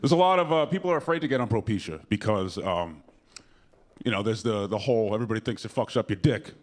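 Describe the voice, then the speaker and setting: A man's voice: lowish voice, lively intonation, fast. Profane, rambling young man doing stand-up. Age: young adult. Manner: rambling, profane, self-mocking, with lots of fillers. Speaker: stand-up comedian. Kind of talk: stand-up comedy set. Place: comedy club stage.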